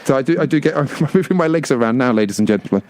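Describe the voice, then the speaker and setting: A man's voice: a little high, racing, darkish tone, no room sound. A man co-hosting a radio show, telling rambling, self-mocking anecdotes with lots of restarts. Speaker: radio co-host. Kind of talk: casual on-air chat. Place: radio studio. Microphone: studio microphone.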